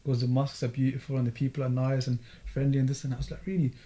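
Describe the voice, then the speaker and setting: A man telling a story in casual podcast chat, acting out the dialogue in it. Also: medium pitch. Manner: fast, animated, acts out dialogue in the story. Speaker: podcast guest.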